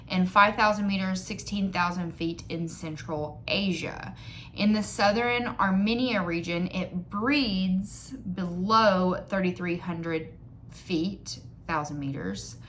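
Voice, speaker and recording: Slow-talking young woman vlogger, rambling. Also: on the low side, fairly bright tone, a little hiss or hum. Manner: rambling, joking and self-mocking; reads figures aloud from a screen. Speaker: beauty vlogger. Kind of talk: casual chat while doing makeup.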